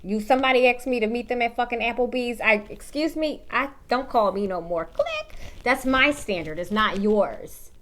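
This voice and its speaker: A woman's voice: fairly high pitch, normal speed, hardly any pauses, fairly bright tone, slight background noise. A woman in her thirties giving casual dating advice straight to the viewer, blunt and full of swearing. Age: 30s.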